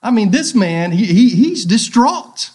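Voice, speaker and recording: A man's voice: high voice, sing-song, a little slow, darkish tone, slightly rough. A male pastor preaching a sermon, asking rhetorical questions and repeating key phrases.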